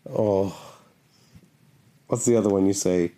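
A man's voice: low-pitched, fairly even intonation, mellow. A man in casual conversation who teases and challenges the other speaker. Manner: teasing, quick to challenge. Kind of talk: casual banter.

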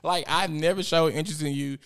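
A young man hosts a casual live stream, talking in an animated, profane way and reading out viewer comments. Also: on the high side, quick pace, smooth. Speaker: host.

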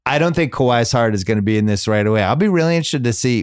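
A man hosting a casual sports podcast, animated and quizzing his guests. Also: rapid-fire, smooth, no room sound, clean studio sound. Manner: animated, quizzing guests, lists names with rising pitch. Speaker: podcast host.

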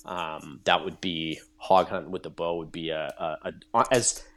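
A Canadian man, a podcast guest, telling lively stories in casual conversation. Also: deep voice, normal speed. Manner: storytelling, animated, laughs often.

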